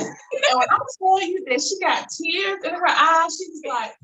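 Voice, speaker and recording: A woman's voice: high-pitched, very animated, moderate pace, roomy sound, rough recording. A woman hosting a casual live interview, affirming her guest with frequent "mm-hmm"s. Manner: warm, affirming, frequent backchannels. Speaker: host.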